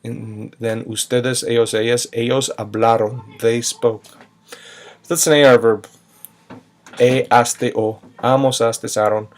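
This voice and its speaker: A man's voice: medium pitch, fairly even intonation, measured pace. A man teaching a recorded grammar lesson, patiently spelling out verb endings step by step. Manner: patient, spells out endings, sings a short chant. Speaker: Spanish teacher.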